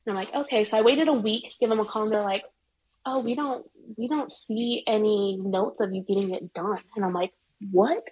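A middle-aged woman telling a personal story in casual chat, animated and swearing freely. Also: mid-range voice, a little fast, breathy edge, low-quality recording. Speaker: guest.

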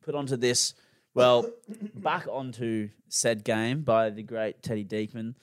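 A man's voice: mid-range voice, slow, dry recording, studio quality. A young Australian man co-hosting a podcast in casual chat, laid-back, laughing often and swearing freely. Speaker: podcast co-host.

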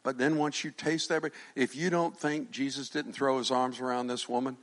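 A middle-aged male pastor preaching a sermon, animated, swinging from shouted lines to quiet asides and joking with the congregation. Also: mid-range voice, moderate pace. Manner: jokes with the congregation.

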